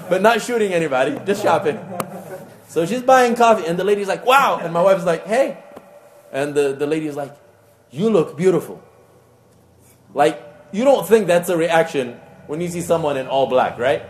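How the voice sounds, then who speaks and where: A man preaching a sermon to a live audience, telling stories with acted-out voices and reciting Quranic Arabic rapidly. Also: sits high. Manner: animated storytelling with acted-out voices. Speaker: imam.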